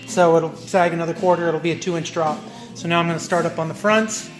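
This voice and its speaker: A man's voice: on the high side, fairly even intonation, quick pace, faint music behind. A man talking casually through his own car repair job in a DIY vlog, rambling and talking to himself as he works. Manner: rambling, self-talking, chatty with restarts. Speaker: car hobbyist vlogger.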